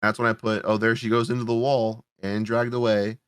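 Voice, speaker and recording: A man's voice: lowish voice, little pitch movement, fairly quick, smooth, no room sound, clean studio sound. A man hosting a podcast, reviewing a horror movie in a casual, sarcastic, rambling way, swearing often. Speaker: podcast host.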